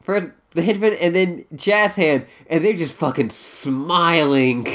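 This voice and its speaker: A man's voice: a little high, takes it slowly, a bit bright. A man co-hosting a podcast, amused and rambling, full of "like"s as he describes scenes. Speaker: podcast co-host. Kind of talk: casual chat.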